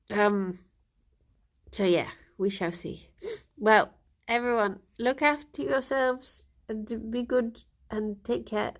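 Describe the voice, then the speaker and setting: A woman livestreamer chatting casually with her viewers, tired and yawny after a bad night, relaxed and trailing off with frequent ums. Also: fairly high pitch, takes it slowly.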